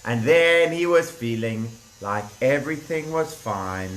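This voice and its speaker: A man's voice: medium pitch, animated, a little slow, fairly bright tone, roomy sound, slight background noise. A man telling a children's Bible story playfully, speaking directly to the kids.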